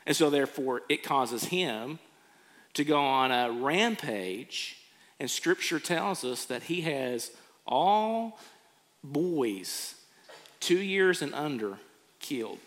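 A man's voice: a little high, expressive, takes it slowly, a bit bright. A man preaching a sermon, earnestly acting out people's reactions. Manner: earnest, acts out quoted reactions. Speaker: pastor. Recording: long hall reverb.

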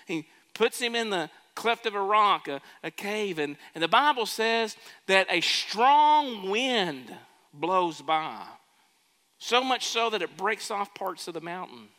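A man's voice: sits high, expressive, takes it slowly, bright, forceful tone. A man preaching a sermon as pastor in a church, telling a story and asking the congregation questions. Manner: storytelling, asks the crowd questions. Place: church sanctuary. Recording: long church reverb.

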